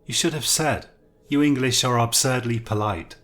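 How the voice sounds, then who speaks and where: A man's voice: mid-range voice, normal speed, a bit bright, lightly acted. A man voicing a friendly, teasing young woman in a storybook reading. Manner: breezy, teasing.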